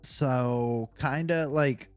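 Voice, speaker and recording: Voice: mid-range voice, extremely slow, clear, resonant tone, dry recording, faint music behind. A podcast co-host reading a comic-book character profile aloud, casual and swearing, stumbling over hard names.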